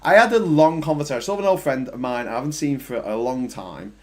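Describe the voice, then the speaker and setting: A man's voice: mid-range voice, quick pace. A middle-aged man hosting a casual chat, joking and telling stories. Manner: jokey storyteller, animated voices. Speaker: host.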